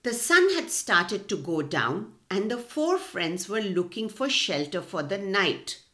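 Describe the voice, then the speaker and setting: Slow, expressive woman storyteller. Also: mid-range voice. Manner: expressive, addresses children directly. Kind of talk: children's storybook narration. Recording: echoey room.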